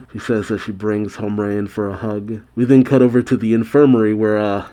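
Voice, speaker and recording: A young man reading a manga chapter aloud as a reaction host, keeping the dialogue plain and breaking off for quick surprised asides. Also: lowish voice, level tone, warm tone.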